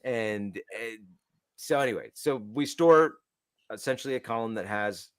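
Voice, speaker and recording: A man's voice: medium pitch, a little slow, smooth, no echo, studio quality. A man co-hosting a developer podcast, telling stories in a casual, rambling way with many restarts. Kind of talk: casual tech chat.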